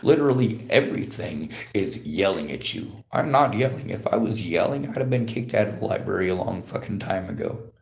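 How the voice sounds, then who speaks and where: Streaming from a library, a man reads chat comments aloud and answers them in a bitter, profane, lecturing rant. His deep voice has lively intonation, a darkish tone, and vocal fry, and he talks a little fast.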